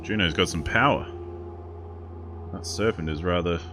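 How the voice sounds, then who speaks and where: Low-voiced man hosting a casual let's play. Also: moderate pace, slight background noise. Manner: chatty, laughs at himself. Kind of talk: casual game commentary. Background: game music.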